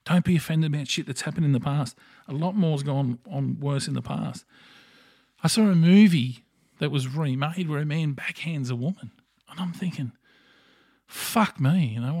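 Blunt gravelly Australian man ranting. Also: fairly high pitch, a little mellow, no room sound, clean studio sound. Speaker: podcast host. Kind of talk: opinionated solo podcast monologue.

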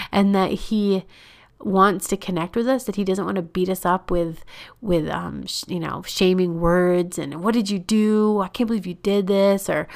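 A woman with a lowish voice hosts a podcast and leads a guided Christian prayer meditation. She goes gently and unhurriedly, sometimes dropping to a breathy whisper.

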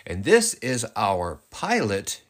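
Low-voiced middle-aged man telling a story. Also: huge pitch swings, slow pace, over music. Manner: laughing, full of fillers and restarts. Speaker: podcast co-host. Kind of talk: casual storytelling chat.

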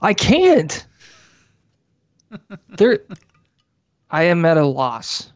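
A man co-hosting a podcast, reacting to the story in casual chat with slow, astonished exclamations. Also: fairly high pitch, huge pitch swings, dry recording. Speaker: podcast co-host listening to reading. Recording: dull lo-fi mic.

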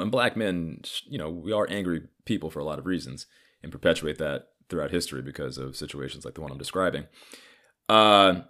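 A man in his thirties telling a personal story in a casual, profane, filler-heavy way. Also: deep voice. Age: 30s. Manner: profane, animated, frequent fillers.

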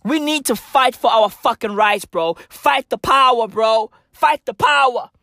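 Slow, slangy woman ranting comedically. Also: a little high, no room sound, clean studio sound. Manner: slangy, profane, heavy on "bro" and "bruv"; wildly swinging delivery, from shouts down to whispers. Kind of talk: comedic rant monologue.

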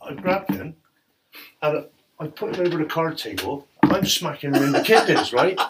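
A middle-aged man telling animated football stories in casual chat, laughing often. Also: on the high side, moderate pace. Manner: laughs often, animated anecdotes, quotes others. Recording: distant mic with faint noise.

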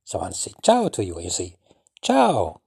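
Husky, lively man teaching. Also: low-pitched, fast talker, no room sound, studio quality. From Italy. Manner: animated, acts out greetings with exaggerated exclamations. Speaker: language teacher. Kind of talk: informal language lesson.

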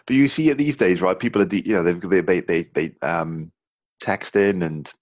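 A man's voice: low voice, normal speed, darkish tone, no echo, studio quality. A man in his thirties from England, hosting a podcast in a loose, chatty way, rambling with many "you know"s. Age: 30s. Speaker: podcast host. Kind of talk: casual podcast chat.

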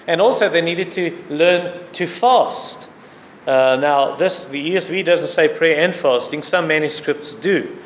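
Guy preaching, kinda high voice, big echoey hall, faint hiss behind. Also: animated, measured pace. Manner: earnest, repetitive exhortation with scripture references. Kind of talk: sermon.

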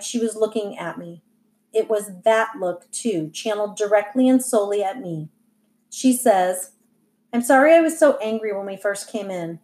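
A woman narrating a first-person novel as an audiobook reader, in plain, even storytelling. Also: fairly high pitch.

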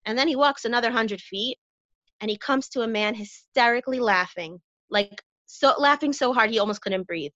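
A woman guest in a casual conversation, chatty and jokey, quick to laugh. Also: fairly high pitch, sharp tone, no echo, lo-fi sound.

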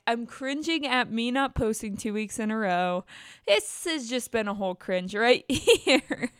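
A young woman chats alone into her podcast mic from home, open and rambling, laughing at herself as she restarts sentences. Her voice comes through smooth and clear. The room sound is dry and close, with almost no echo. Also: medium pitch. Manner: candid, rambling, self-deprecating with frequent restarts. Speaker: podcast host. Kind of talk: casual solo podcast chat. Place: indoors at home at her computer.

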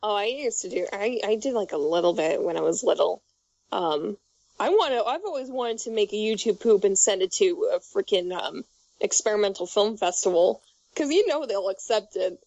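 A woman's voice: mid-range voice, animated, normal speed, vocal fry, a little mellow, dry recording. A woman in her twenties chatting casually, rambling with restarts and swearing. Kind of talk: casual chat. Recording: muffled dry recording.

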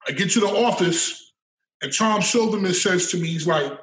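Recorded on a distant mic in a highly reverberant room, a middle-aged man with a high voice tells a loose, lively story at normal speed. He curses freely and repeats words while working toward his point as a storytelling guest.

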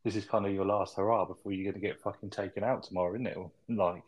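A man co-hosting a podcast, recapping a film's plot in relaxed, casual chat with plenty of fillers. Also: deep voice, fast talker, husky, low-quality recording. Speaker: podcast co-host. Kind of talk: casual film review chat.

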